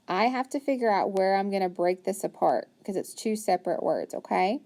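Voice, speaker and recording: Female teacher, phonics lesson, calm and patient, sounds words out slowly for small children. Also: mid-range voice.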